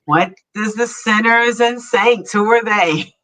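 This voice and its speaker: A woman hosting an interview and asking measured, inquisitive questions. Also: fairly high pitch, fairly bright tone. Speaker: podcast host.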